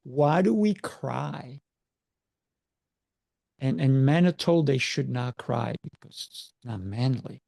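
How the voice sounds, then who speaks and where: A man's voice: mid-range voice, animated, takes it slowly, vocal fry, pauses often, dark tone, no room sound, clean studio sound. A man who is a martial arts coach, chatting in an interview over a video call and driving his points home with emphatic rhetorical questions. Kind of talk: casual interview chat.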